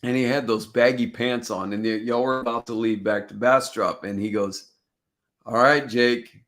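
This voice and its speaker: A man's voice: fairly low pitch, steady tone, moderate pace, fairly bright tone. A man from Texas hosting a casual live-stream chat, telling stories with lots of swearing and laughter. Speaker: podcast host. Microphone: video call stream.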